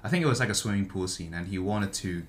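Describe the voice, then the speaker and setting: A man's voice: sits low, quick pace. A man in casual chat about a book, hesitant and thinking aloud as he talks. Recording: faint background noise.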